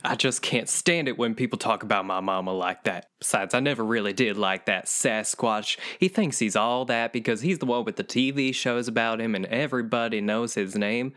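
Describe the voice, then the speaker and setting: A man voicing a gentle, homely male swamp creature with a folksy drawl in an improvised audio comedy. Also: fairly low pitch, natural voice. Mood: grumbling.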